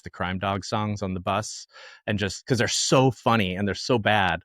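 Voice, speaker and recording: A man, a musician guest on a podcast, telling lively conversational anecdotes in a casual storytelling style. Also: fairly low pitch, dry recording, studio quality.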